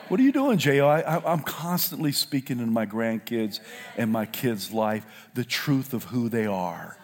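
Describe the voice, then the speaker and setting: An older man from South Carolina preaching a sermon, swinging from loud shouted lines to low, quiet asides. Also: big pitch swings, moderate pace, long reverb tail. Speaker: pastor.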